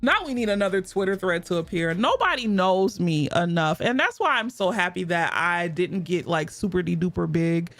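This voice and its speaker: A woman's voice: fairly low pitch, expressive, moderate pace, hardly any pauses, fairly bright tone, dry recording. A young woman streaming a game, chatting casually in a blunt, profane way and laughing often.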